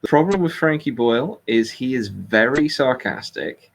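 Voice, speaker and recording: A man's voice: medium pitch, lively intonation, normal speed, gravelly, a little hiss or hum, rough recording. A British man chatting casually as co-host, telling wry self-deprecating stories. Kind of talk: casual chat.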